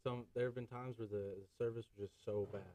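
A man's voice: fairly low pitch, steady tone, quick pace, mellow, no room sound, far from the mic, rough recording. A man talking as a podcast guest in a chatty, casual way, leaning heavily on "like" and "you know.". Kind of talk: casual chat.

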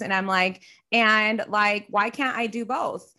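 A young woman in casual chat, telling a story with animated quoting and frequent swearing. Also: medium pitch, takes it slowly, few pauses.

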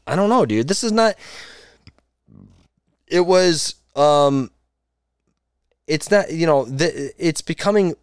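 A young man hosts a casual gaming podcast, ranting hard and swearing constantly. His voice sits at a middle pitch. The close mic sounds dry, with no room in it. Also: clear, resonant tone, no room sound. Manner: profane, ranting, emphatic. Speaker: podcast host.

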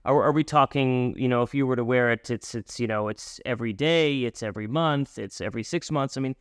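A man's voice: medium pitch, brisk, clean tone, no room sound, studio quality. Man asking long, rambling questions. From North America. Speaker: interview host. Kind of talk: interviewing a guest.

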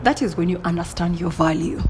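A woman giving a dramatic motivational monologue, swinging between whispers and loud bursts and often laughing at herself. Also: on the low side, a little fast, slight background noise. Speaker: motivational speaker.

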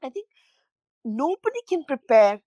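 Brief: middle-aged woman, earnest and halting, a bit high, dry close sound. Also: big pitch swings, dark tone, no room sound, rough recording. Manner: halting, repeats words, emotional and earnest. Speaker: parent of a child with a rare illness, interview guest. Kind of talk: emotional personal interview.

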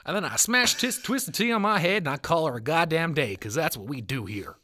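A man's voice: lowish voice, expressive, moderate pace, husky, voice pushed down. A man putting on a rowdy male country partier in a mocking drawl. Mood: boisterous.

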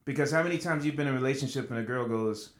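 A young man co-hosting a casual podcast chat, telling stories in an animated way and jumping up in pitch when he makes a point. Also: very fast, echoey room. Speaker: podcast co-host.

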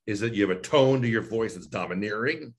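Low-voiced man acting out coaching talks. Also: a little fast. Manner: animated, acts out both sides of a coaching dialogue. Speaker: voice and speech coach. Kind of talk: interview, explaining coaching sessions.

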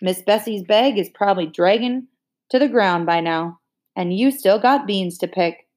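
A woman's voice: mid-range voice, normal speed, a little mellow, close to an everyday voice. A woman voicing a stern, tired farm mother who scolds her children curtly. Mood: scolding. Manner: scolding, curt.

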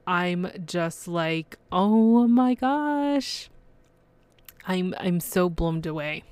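A young woman hosting her solo podcast, gushing and excited, with lots of fillers and restarts. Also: deep voice, no room sound. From Canada. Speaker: podcast host. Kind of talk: casual solo podcast chat.

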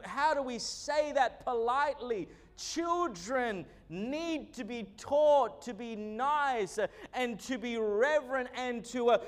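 A man, a pastor delivering an emphatic sermon with frequent "uh" fillers. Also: very high-pitched.

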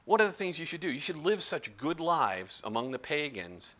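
A man giving a casual, animated Bible teaching, often slipping into quoted voices of the characters. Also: a little high, moderate pace.

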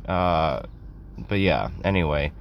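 A man's voice: a bass voice, lively intonation, takes it slowly, highs cut off. A young man telling a rambling, self-deprecating comic story in a casual way, acting out quotes in other voices.

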